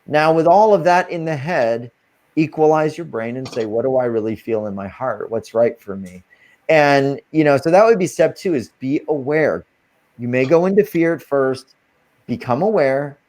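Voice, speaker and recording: A man's voice: a little high, normal speed, a little mellow. A man as an interview guest, talking casually and earnestly as he coaches listeners through spiritual steps.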